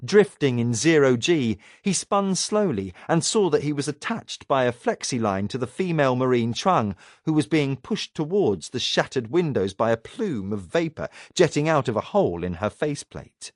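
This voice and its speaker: A man's voice: medium pitch, very animated, moderate pace, hardly any pauses, no room sound, studio quality. Man reading a sci-fi audiobook expressively. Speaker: audiobook narrator. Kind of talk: scripted narration.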